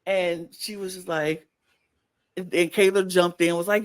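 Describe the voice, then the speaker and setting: A woman's voice: on the low side, steady tone, unhurried. A woman co-hosting a casual podcast, recapping a reality show and acting out quotes in raised voices. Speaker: podcast co-host.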